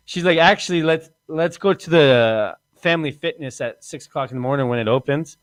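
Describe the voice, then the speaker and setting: This podcast host speaks briskly in a slightly high voice. His crude tales wander all over the place, broken up by frequent laughter and his own performances of other people's lines.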